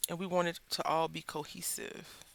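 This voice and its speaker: A Southern-accented woman hosts a craft video from her table and chats her way through the work in a loose, rambling storytelling style. Her voice has a gravelly, fry-edged texture and a bright, forceful tone. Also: deep voice, flat delivery, normal speed, a little hiss or hum. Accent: Southern American. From Southern United States. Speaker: craft channel host. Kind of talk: casual chat while crafting.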